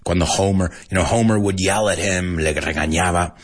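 An American man hosting a casual podcast language lesson, animated and chuckling often as he switches between English and Spanish. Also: low-pitched, a little fast. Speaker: language teacher and podcast host.

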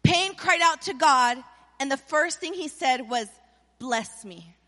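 A middle-aged woman preaching a sermon as pastor, animated, calling on the congregation to answer back. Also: high-pitched, measured pace. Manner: animated preaching with call-and-response. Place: church. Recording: long reverb of a church hall.

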